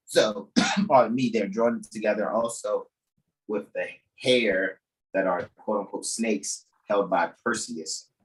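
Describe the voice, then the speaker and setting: A man's voice: fairly low pitch, slow, low-quality recording. A man commenting casually on a reading and playfully handing the floor back. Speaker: co-reader in a study session.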